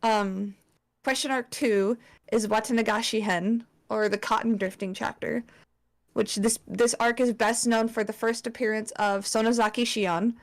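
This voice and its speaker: A woman's voice: fairly high pitch, fairly even intonation, normal speed. A young woman presenting a slideshow to friends in casual chat, swearing often and filling with likes and ums. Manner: chatty, swears, lots of fillers.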